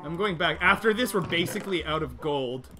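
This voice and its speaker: A young man streaming a video game live, chatting with his viewers, reading their messages and yelling in frustration when things go wrong. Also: on the high side, fairly quick. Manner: excitable, yells in frustration when dying; reads and answers chat. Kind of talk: live gaming stream commentary.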